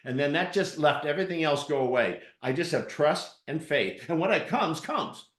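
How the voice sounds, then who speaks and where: A man interviewing a guest on stage, telling lively coaching stories with acted-out quotes. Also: fairly high pitch, normal speed, echoey room. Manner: animated storyteller with acted-out quotes. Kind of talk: live interview with storytelling.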